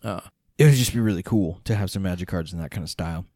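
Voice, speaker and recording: A man in casual podcast chat, swearing constantly and talking excitedly. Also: low voice, fast, no echo, clean studio sound. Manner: profane, excitable.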